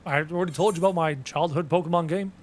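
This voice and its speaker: High-voiced playful male streamer. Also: fast. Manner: playful, teasing, self-mocking. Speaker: game streamer. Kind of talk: casual live-stream chat.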